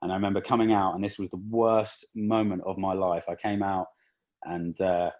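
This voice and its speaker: Low-voiced young man, halting and emotional. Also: level tone, darkish tone. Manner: halting, with many restarts and fillers, emotional. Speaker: podcast guest. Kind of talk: emotional personal story in casual conversation.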